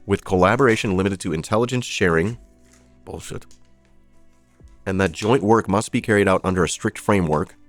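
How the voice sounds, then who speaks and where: A man's voice: deep voice, no room sound. A man hosting a live stream of political news commentary, reading out headlines with sarcastic, profane asides. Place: streaming setup.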